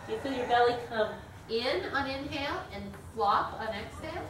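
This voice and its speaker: A woman's voice: high-pitched, expressive, normal speed. Yoga teacher woman in an echoey room. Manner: conversational, asks the class questions. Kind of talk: teaching a yoga training class. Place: studio room with a group. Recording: echoey room, distant mic, noisy.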